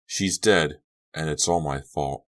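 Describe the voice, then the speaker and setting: A man's voice: extremely low pitch, slow. A man reading the part of a shaken teenage boy haunted by guilt, his lines strained and anguished.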